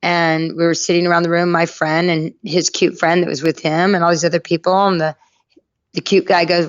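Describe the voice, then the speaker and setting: A middle-aged woman from North Carolina, a podcast guest telling her life story in a lively way and acting out the people in it. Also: fairly low pitch, fairly quick, no echo, highs cut off. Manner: lively anecdotal storyteller, acts out quoted voices. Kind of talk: storytelling interview.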